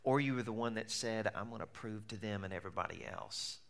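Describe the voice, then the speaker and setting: A man preaching a sermon, telling a personal story in an animated way and shifting between loud and hushed delivery. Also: on the low side, fairly quick, gravelly. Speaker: pastor.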